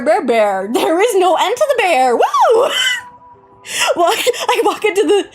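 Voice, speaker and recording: A young woman streamer chatting casually and playfully, giggling and exclaiming often. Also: high-pitched. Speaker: live streamer. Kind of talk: casual live-stream chat.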